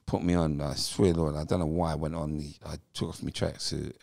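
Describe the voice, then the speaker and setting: A man's voice: very deep voice, level tone, fairly quick, gravelly, darkish tone, no echo, studio quality. A British man in his fifties, a former footballer, guest on a podcast, telling his story animatedly and acting out what people said. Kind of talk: storytelling interview.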